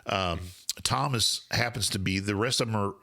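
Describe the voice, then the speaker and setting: Male podcast co-host, bright tone, explanatory Bible-teacher manner, easygoing. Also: on the low side, moderate pace, vocal fry. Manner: thoughtful, explanatory, frequent restarts. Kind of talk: casual Bible discussion.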